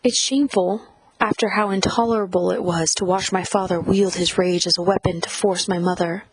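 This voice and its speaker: Woman narrator, husky voice, dry close sound, measured reflective audiobook reading. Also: mid-range voice, fairly even intonation, dry recording, low-quality recording. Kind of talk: first-person audiobook narration.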